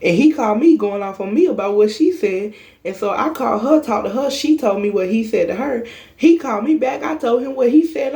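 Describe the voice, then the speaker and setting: A woman's voice: fairly high pitch, expressive, a little fast, gravelly, mellow. A young woman vlogger telling a personal story in a casual monologue, blunt, emphatic and full of cursing.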